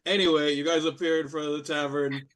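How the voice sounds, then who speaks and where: Man from New Jersey, game master, jokey, slightly high voice. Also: fairly even intonation, fast talker, fairly bright tone. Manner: jokey, laughing often. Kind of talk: running a tabletop game.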